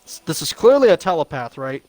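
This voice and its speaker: Lively, rambling young man, dry mic. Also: on the high side, brisk, no room sound. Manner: rambling, swears, laughs often. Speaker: podcast co-host. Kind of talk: casual movie review chat.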